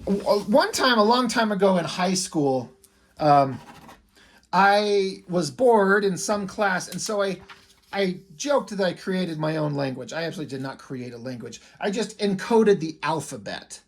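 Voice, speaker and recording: A man's voice: high voice, expressive, measured pace. Rambling man chatting casually, laughing. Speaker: video creator. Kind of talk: casual show-and-tell vlog.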